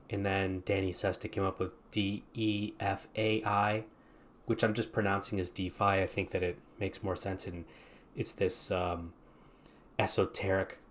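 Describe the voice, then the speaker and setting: A man with a lowish voice talks through a screen-share explainer as the channel's host. He thinks aloud and wanders a little as he goes, keeping it relaxed and conversational. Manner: thinking aloud, loose and meandering.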